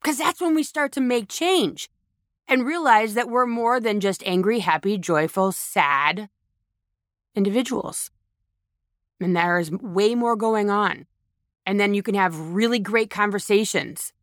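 A woman's voice: mid-range voice, a little slow, no room sound, studio quality. A woman with children talking frankly about emotions in a casual motivational monologue, blunt and emphatic, often repeating herself and restarting phrases. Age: adult, has children. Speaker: speaker on emotions.

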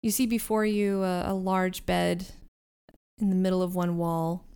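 Game master, woman, smooth clear voice, descriptive narration with frequent laughs. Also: fairly low pitch, level tone, measured pace, a little mellow.

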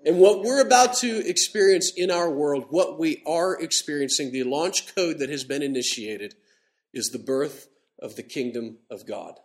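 Middle-aged guy preaching, chatty and animated, slows way down on the bible verses. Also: fairly high pitch. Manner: animated, conversational preaching with slowed emphatic scripture reading. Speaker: pastor. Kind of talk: sermon. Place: church.

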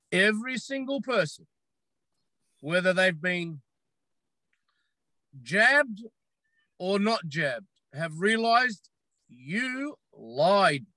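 A man's voice: sits high, bright, forceful tone, dry recording. An Australian man speaking as a podcast guest, emphatic and repeating phrases for effect. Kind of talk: podcast interview.

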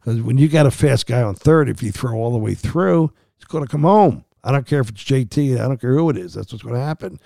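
A man's voice: mid-range voice, animated, fairly quick, gravelly, few pauses, mellow, no echo, clean studio sound. A man hosting a sports podcast, rambling through a casual monologue with many fillers and restarts.

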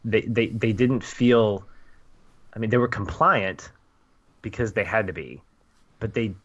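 A man's voice: lowish voice, measured pace, fairly bright tone, dull audio. A man on a film podcast, speaking earnestly with repeated words and easy laughter. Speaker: podcast panelist. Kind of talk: casual film discussion.

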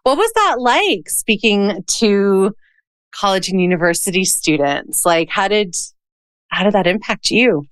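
A woman's voice: mid-range voice, lively intonation, a little slow, smooth, dry recording, studio quality. A woman hosting an interview, reacting with feeling and asking follow-up questions. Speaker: interview host. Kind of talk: conversational interview.

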